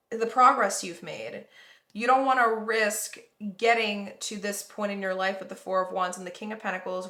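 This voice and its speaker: A woman talks through a tarot spread in a loose, rambling way, full of "like" and "um". Her voice is bright and forward, and the sound bounces around an echoey room. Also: medium pitch. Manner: rambling, conversational, reassuring, many fillers. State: yawning, tired. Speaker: tarot reader. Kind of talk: casual tarot reading to viewers.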